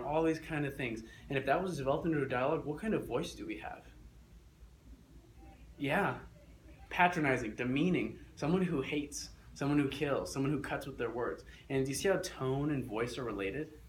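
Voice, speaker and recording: Energetic young male teacher, echoey classroom. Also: mid-range voice, moderate pace. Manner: energetic, coaxing, repeats instructions. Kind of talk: classroom lesson. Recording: echoey classroom with faint noise.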